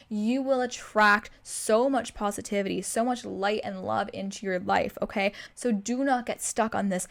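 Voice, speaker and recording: A young woman delivers motivational advice as a self-improvement host, her voice sitting a touch high. She talks in an animated, coaching way, slipping into her own inner voice to act out worst and best cases. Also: a little fast, creaky.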